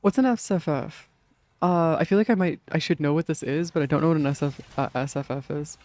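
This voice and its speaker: A man's voice: on the high side, a little fast, a little mellow. A young man streaming a game in casual chat, rambling with many fillers, swearing and laughing often.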